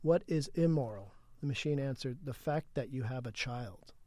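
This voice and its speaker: A man co-hosting a casual podcast, reading chatbot transcripts aloud in a flat, even delivery. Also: mid-range voice, normal speed, dry recording.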